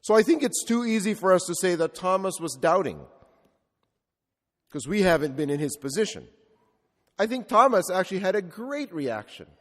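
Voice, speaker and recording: A man's voice: high-pitched, big pitch swings, normal speed, fairly bright tone. A male Catholic priest preaching a sermon with reflective storytelling and rhetorical repetition. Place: church. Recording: long reverb of a large church.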